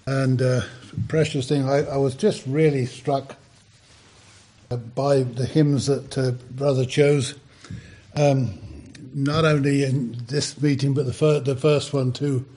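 A man preaching a sermon in a halting, conversational way, full of fillers and restarts, then reading scripture aloud more loudly and with emphasis. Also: medium pitch, fairly even intonation.

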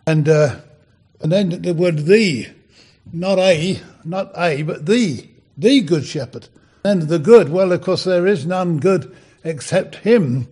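A man with a slightly high voice delivers a sermon in a halting, conversational way, stopping and restarting his sentences often. When he reads scripture, he turns louder and more emphatic. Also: slightly rough. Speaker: preacher.

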